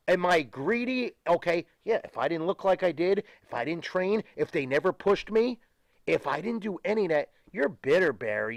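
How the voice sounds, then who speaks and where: A man's voice: high voice, gravelly, no room sound. An older man, a retired pro wrestler, ranting emphatically and with profanity as a guest in a studio interview.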